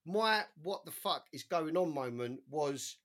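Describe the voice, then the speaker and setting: A man co-hosting a boxing podcast, talking in an animated, slangy way with plenty of swearing. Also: on the high side, unhurried. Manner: animated, swearing, slangy, quotes others in put-on voices. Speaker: podcast co-host. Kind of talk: casual podcast chat.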